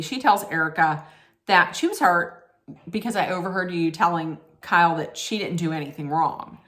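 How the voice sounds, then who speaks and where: A woman's voice: medium pitch, fairly bright tone. A woman hosting a casual TV recap, chatty and rambling, often correcting herself mid-sentence. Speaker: host.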